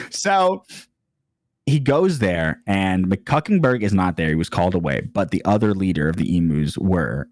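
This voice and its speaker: A man's voice: sits low, no echo, clean studio sound. A man co-hosting a casual podcast, telling a rambling, absurd comedic story and slipping into voices for its characters. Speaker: podcast co-host.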